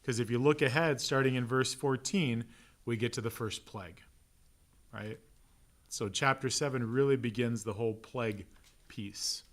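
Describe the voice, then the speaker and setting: A pastor teaching a relaxed Bible class, conversational and joking, with an Upper Midwest American accent. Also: male voice, medium pitch. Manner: conversational, asks "right?" often, acts out quick voices. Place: church classroom.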